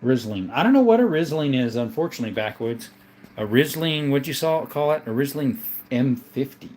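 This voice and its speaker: A man's voice: mid-range voice, a little fast, a little hiss or hum. Laid-back man hosting a livestream. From Southern Arizona. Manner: relaxed, reads viewer comments aloud and answers them. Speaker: livestream host. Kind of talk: casual livestream chat.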